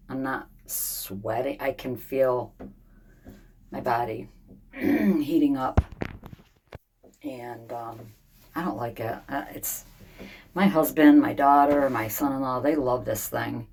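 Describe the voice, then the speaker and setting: A woman in her fifties, unwell and frustrated, talking in a rambling, weary way with many pauses in a casual diary vlog from a home sauna. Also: extremely low pitch, a little mellow, a little hiss or hum. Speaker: vlogger.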